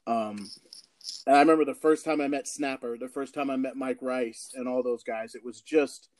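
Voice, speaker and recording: A man from Portland hosting a casual interview, telling animated stories and laughing often. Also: mid-range voice, moderate pace, dry recording. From Portland, Oregon. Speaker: host.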